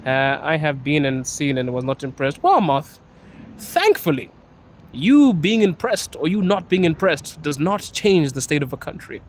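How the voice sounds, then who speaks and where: A man's voice: fairly high pitch, sing-song, unhurried. Playful young man streaming from a noisy street. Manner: laid-back, playful, reads chat comments aloud and laughs often. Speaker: livestream host. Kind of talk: casual live-stream chat. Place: outdoors on a city street. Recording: street traffic noise behind.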